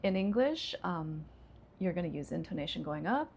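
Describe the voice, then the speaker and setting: A woman ESL teacher, calmly explaining English intonation with frequent fillers. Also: fairly low pitch, gravelly, slight background noise. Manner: relaxed, explains slowly with many fillers.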